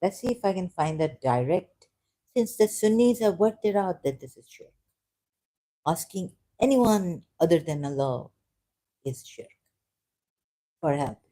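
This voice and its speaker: A woman's voice: lowish voice, animated, unhurried, pauses often, warm tone. A woman giving casual, sarcastic commentary while reading aloud from a screen. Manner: sarcastic, mocking. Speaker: video creator.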